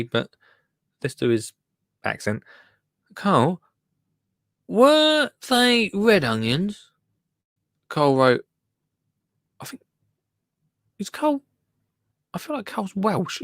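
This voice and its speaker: Male host, gravelly voice, rambling live-show chat, reads listener comments, dry close mic. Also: mid-range voice, fairly bright tone, no echo. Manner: rambling and chatty, breaks off mid-sentence. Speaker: gardening podcast host.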